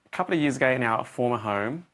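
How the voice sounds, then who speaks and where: Animated male coach telling a story. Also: mid-range voice, quick pace. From Australia. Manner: animated, acts out his own reactions and voices.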